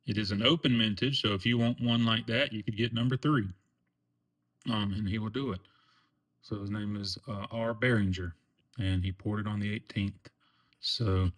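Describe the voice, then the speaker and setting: A man's voice: on the low side, fairly bright tone. A man with a Southern US accent hosting his own channel, talking in a folksy, earnest way with lots of fillers. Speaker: channel host. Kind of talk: casual vlog chat.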